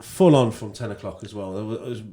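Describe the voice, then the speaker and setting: A man speaks in a low, mellow voice while he talks through old club nights as a radio guest. His storytelling is loose and rambling, full of asides and restarts. The chat sounds easy and unhurried. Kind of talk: casual radio interview. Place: radio studio.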